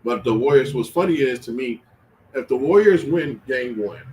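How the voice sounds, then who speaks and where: A man's voice: medium pitch, moderate pace, poor audio. Laid-back man hosting a sports stream. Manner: animated, laughing, trash-talking, slangy. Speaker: livestream host. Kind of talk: casual sports talk livestream.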